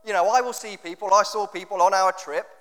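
A man's voice: high-pitched, fairly even intonation, fairly quick, fairly bright tone, soft background music. A man preaching a sermon in a conversational, jokey way, often acting out what people say. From England. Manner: conversational, jokey, acts out quotes. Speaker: pastor. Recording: long hall reverb.

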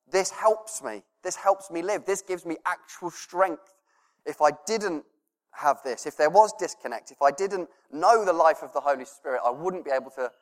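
Earnest preacher man in a reverberant hall. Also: on the high side. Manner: earnest, laughs softly, drops to a hush for prayers. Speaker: pastor. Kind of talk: sermon.

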